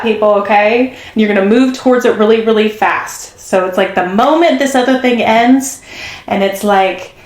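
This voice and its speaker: Chatty woman reading tarot in an echoey room. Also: medium pitch. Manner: chatty and effusive, gasps and acts out quotes. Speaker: tarot reader. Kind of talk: casual channeled tarot reading.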